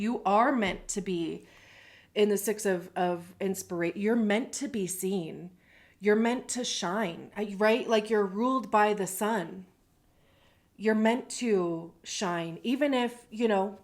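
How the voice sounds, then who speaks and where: A woman giving a casual tarot reading to camera, talking in a reflective way, often pausing to search for words. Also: medium pitch. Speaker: tarot reader.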